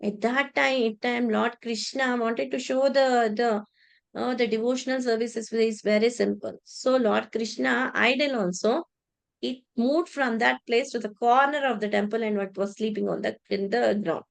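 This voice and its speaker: A woman telling a devotional story in a religious class, halting with many restarts and repeated words. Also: fairly high pitch, fairly even intonation, vocal fry.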